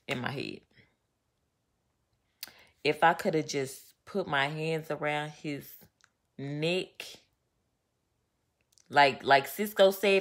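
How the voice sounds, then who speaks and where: A woman chatting casually to her viewers, venting with animated storytelling and slang. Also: low voice, moderate pace, long pauses. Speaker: vlogger. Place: home, getting ready.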